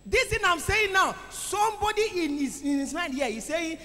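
A man preaching a sermon to a congregation, calling for responses and swinging between loud exclamations and quiet asides. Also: extremely high pitch, very animated, moderate pace. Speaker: pastor. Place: church hall. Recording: echoey church hall with music.

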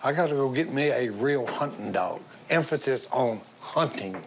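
A man's voice: mid-range voice, animated, normal speed. An older man with a Southern US accent, rambling in folksy banter and scolding his dog. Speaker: reality show cast member. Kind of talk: casual banter and to-camera asides. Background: background music.

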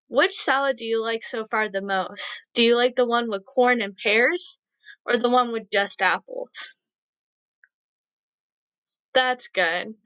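A young woman teaching young children a syllable game, speaking slowly and encouragingly with sing-song praise. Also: fairly high pitch, a bit bright, dry recording. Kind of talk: read-aloud lesson for young children.

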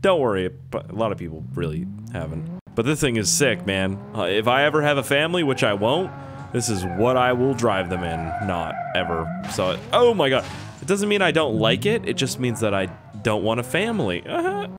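A man's voice: mid-range voice, sing-song, moderate pace, music in the background. A young man giving joking, rambling gameplay commentary as a video host, trailing off and interrupting himself. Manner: rambling, jokey, self-interrupting. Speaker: gaming YouTuber.

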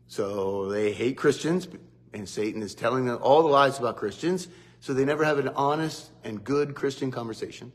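A man giving an animated devotional teaching in a mid-range voice. He reads scripture and acts out the quotes with energy. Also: medium pitch, normal speed. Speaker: preacher.

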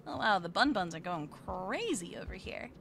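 A woman's voice: medium pitch, lively intonation, normal speed, creaky, a bit bright, slight background noise. A woman streaming a game live, chatting playfully with her viewers, fake-whining and squealing at what happens on screen. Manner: playful, chatty, reads chat aloud.

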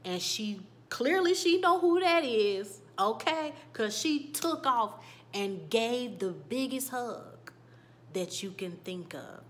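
A woman hosting a casual show recap, telling it in an animated way that swings from loud bursts to hushed whispers and reacts emotionally. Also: a little high, slow. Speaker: YouTube TV recap host.

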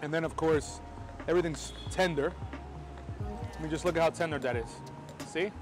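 A man from New York with a New York American accent, talking excitedly to camera in a casual vlog on a city street, swearing now and then. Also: fairly high pitch, moderate pace, over music. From New York, USA. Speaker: film photography vlogger.

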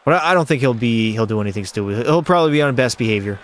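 A man racing through his words at medium pitch streams a hockey video game, giving excitable play-by-play and talking with chat. Faint music sits under his voice, along with a little hiss or hum.

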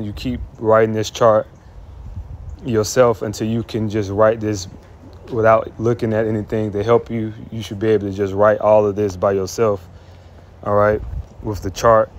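A man with a fairly low voice teaches a grammar lesson in a loose, unscripted way. He restarts his sentences and says points over and over. A faint hiss of noise sits under his voice. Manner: informal, repeats himself, restarts often. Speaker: Hebrew teacher. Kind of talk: casual spoken lesson.

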